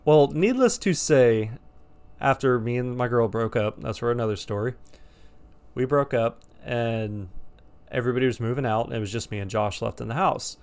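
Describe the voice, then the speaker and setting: A man around thirty tells a personal story at an easy, middling pitch. He rambles, restarts and swears, relaxed and offhand. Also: moderate pace, clean tone. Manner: rambling, profane, laid-back. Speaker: storyteller vlogger. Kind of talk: casual storytime.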